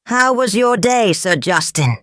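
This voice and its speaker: A woman doing a calm, concerned king. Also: medium pitch, measured pace, no room sound, clean studio sound, pitched above the performer's own voice.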